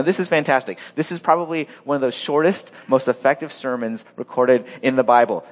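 A man preaching a sermon, animated, acting out the story's characters with sudden rises in pitch. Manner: animated, acts out quoted voices with rising pitch. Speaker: pastor.

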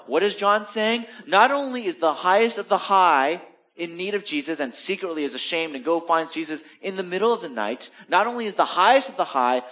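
A pastor giving a sermon in a conversational, storytelling manner, joking with the congregation and dropping to a soft, low voice for serious points. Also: male voice. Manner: conversational storytelling with jokes and acted asides.

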